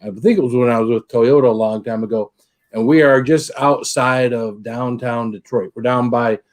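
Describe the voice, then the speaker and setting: Man of middling pitch, a chatty guest who rambles through a story. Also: normal speed. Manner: rambling anecdote-telling with restarts and swearing. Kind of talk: casual chat.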